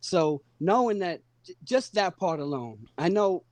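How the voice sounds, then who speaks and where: Emphatic man interviewing, slightly high. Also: sing-song, unhurried, no room sound. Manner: emphatic, repetitive, lots of affirmations.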